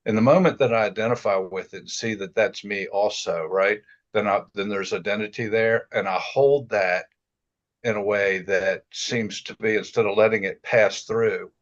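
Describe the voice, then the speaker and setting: A man in a reflective casual chat, speaking haltingly and restarting often as he searches for words. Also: lowish voice, fairly even intonation, dull audio. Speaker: self-inquiry group member. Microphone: video call.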